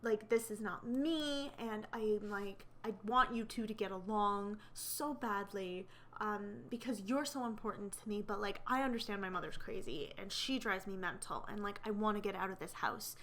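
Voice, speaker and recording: A woman's voice: medium pitch, normal speed, few pauses, fairly bright tone, close to an everyday voice. A woman voicing a young man who pleads earnestly with his mother and his fiancée. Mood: apologetic.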